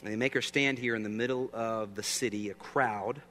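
A man's voice: mid-range voice, fairly even intonation, a little fast, pushed and bright. A man preaching a sermon in a conversational way, often asking the audience questions. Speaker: pastor. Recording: long reverb, faint hum.

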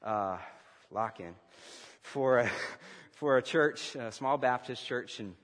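A man preaching a sermon as pastor to his congregation, animated and shifting his emphasis and loudness as he speaks. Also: mid-range voice, slow, in a large hall. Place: church sanctuary.

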